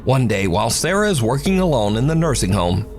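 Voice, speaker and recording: A man's voice: medium pitch, big pitch swings, brisk. A man giving scripted narration of scary video clips, with a dramatic storytelling delivery. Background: music.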